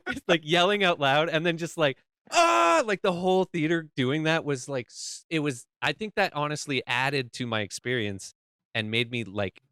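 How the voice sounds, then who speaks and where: A man chats casually on a horror podcast and leaps up in pitch to act out a crowd's reactions. His voice is smooth and clear, in a dry room. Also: dry recording. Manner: animated, acts out crowd reactions. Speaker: podcast co-host.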